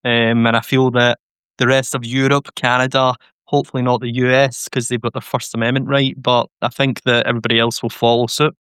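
A man's voice: medium pitch, flat delivery, fairly quick, fairly bright tone, smooth, no room sound. A male caller with an accent the host remarks on, speaking in an earnest way with slight stammers. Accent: British or Irish. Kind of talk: call-in conversation.

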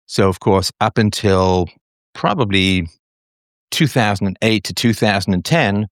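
Low-voiced man hosting a call-in show. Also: dry recording, clean studio sound. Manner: measured, reflective, with repeated phrases and fillers. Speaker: show host taking callers.

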